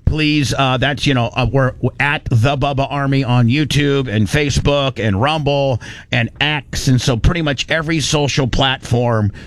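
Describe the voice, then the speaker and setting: Radio guy ranting on air, middle pitch, dry studio sound. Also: normal speed, dry recording. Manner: animated storytelling, ranting, frequent restarts. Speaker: radio show host. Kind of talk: casual morning show chat.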